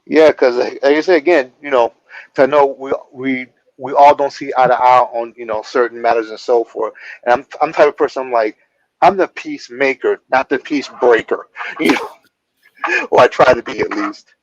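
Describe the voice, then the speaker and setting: A man in a casual chat, easygoing and joking, with animated asides. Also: mid-range voice, normal speed, muffled recording.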